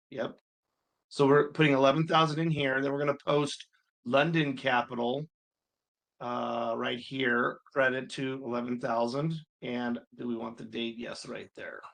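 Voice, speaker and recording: In a screen-recorded homework walkthrough, a male instructor guides students through accounting in a relaxed, unscripted way. His ordinary-pitched voice has a gravelly fry, and as he thinks aloud a little exasperation slips out.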